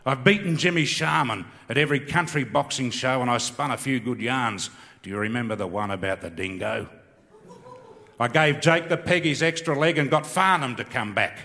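A man's voice: mid-range voice, moderate pace, gravelly, sharp tone. A middle-aged Australian man, a bush poet, telling a self-mocking comic story and reciting rhyming verse with hesitant restarts. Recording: reverberant hall.

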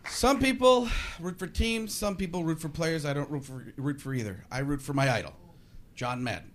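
A man doing a ranting, animated stand-up comedy set on a live stage. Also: a little high, moderate pace, a loud crowd. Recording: live club with audience noise.

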